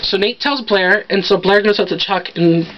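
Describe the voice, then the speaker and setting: A woman's voice: mid-range voice, moderate pace, dull audio, a little hiss or hum. Chatty young woman recapping a show. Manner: chatty, rambling, acts out quotes. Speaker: TV recap vlogger. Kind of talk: casual episode recap.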